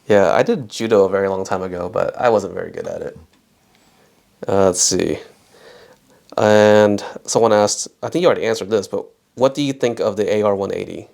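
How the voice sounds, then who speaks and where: A man with a gravelly voice asking questions in a relaxed, casual chat. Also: on the low side, a little fast. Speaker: host asking viewer questions. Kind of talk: casual conversational Q&A.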